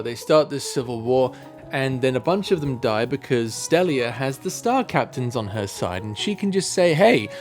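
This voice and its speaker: A young man casually retelling a story's lore, rambling and self-mocking, with frequent swearing. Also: mid-range voice. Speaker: content creator.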